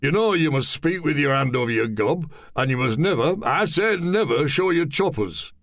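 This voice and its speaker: A man's voice: mid-range voice, animated, normal speed, no echo, studio quality, natural voice. A man voicing a bossy, skinny man in a suit who scolds in old-fashioned slang. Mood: scolding.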